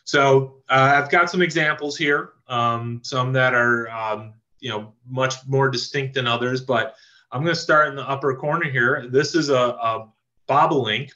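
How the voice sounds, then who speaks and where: Enthusiastic man with a bright voice. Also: mid-range voice, measured pace. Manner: relaxed, enthusiastic, many fillers and restarts. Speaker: land trust staff member teaching birding. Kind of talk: casual virtual presentation. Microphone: video call microphone. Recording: slightly dull lo-fi video call audio.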